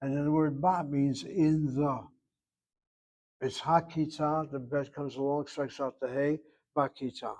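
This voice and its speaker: An older man teaching a Hebrew class, explaining grammar patiently and step by step, repeating words slowly. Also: on the high side, fairly even intonation, darkish tone.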